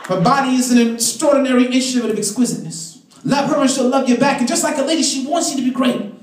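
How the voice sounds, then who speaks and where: High-voiced man performing spoken-word poetry. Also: fast. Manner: rhythmic, playful, wordplay-heavy delivery. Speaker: slam poet. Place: poetry cafe stage. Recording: echoey room from far off.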